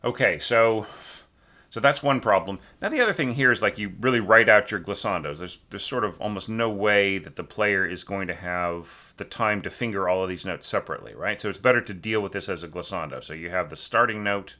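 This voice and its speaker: A man's voice: on the low side, a little fast, bright, forceful tone. A man teaching orchestration, giving a casual spoken critique of a student's score, thinking aloud with frequent restarts and tag questions, sometimes singing rhythms to show a point. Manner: sings rhythms to demonstrate.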